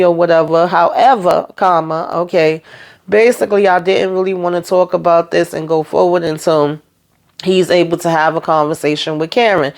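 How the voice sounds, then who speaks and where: A woman's voice: fairly low pitch, fairly even intonation, normal speed, gravelly, a little mellow. A woman hosting a casual TV episode recap, retelling scenes through quoted dialogue with slangy asides. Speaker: TV show recap host.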